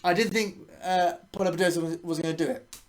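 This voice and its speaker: A woman's voice: fairly low pitch, steady tone, fast talker. Rambling, swearing woman. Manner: rambling, swears freely, frequent restarts. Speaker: tennis channel host. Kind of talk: casual match reaction.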